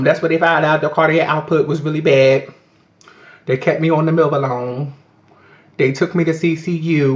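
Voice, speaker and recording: High bright-voiced man vlogging on webcam. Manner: profane, chatty, addresses viewers as "Miss Girl". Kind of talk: casual storytelling to camera. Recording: echoey, dull lo-fi webcam audio.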